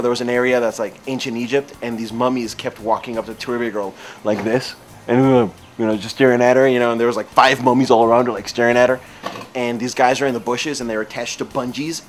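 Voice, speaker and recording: A man casually telling a comic story in an animated, rambling way, with lots of fillers. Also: medium pitch, a little hiss or hum.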